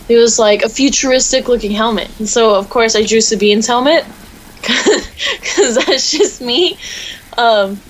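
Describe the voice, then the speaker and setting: A woman's voice: on the high side, expressive, a little slow, a little hiss or hum, low-quality recording. A teenage girl co-hosting a casual podcast, telling a long rambling story full of fillers. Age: teens. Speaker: podcast co-host. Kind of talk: casual chat.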